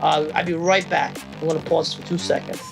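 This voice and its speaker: A man hosting a sports betting podcast who rants in an excitable, profane way. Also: a little high, fairly quick, gravelly, music in the background. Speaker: podcast host. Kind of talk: casual sports talk.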